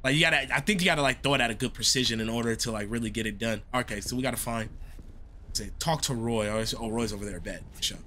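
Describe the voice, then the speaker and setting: A man's voice: mid-range voice, fast, sharp tone, a little hiss or hum. A young man giving laid-back, slangy, rambling commentary while playing a horror game. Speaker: gaming streamer. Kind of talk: casual gameplay commentary.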